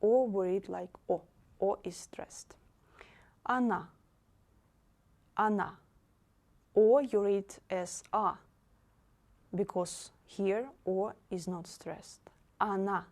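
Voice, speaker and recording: A woman with a Russian accent explains a language lesson at an unhurried, deliberate pace. Her pitch sits in a middle range, and she repeats example words carefully for her students. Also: mellow. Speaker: language teacher.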